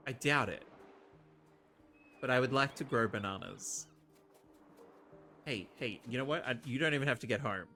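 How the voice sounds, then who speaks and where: Over faint background music, this streamer talks at normal speed in a mid-range voice, pausing often as he plays a farming game. He jokes around animatedly and addresses the characters directly.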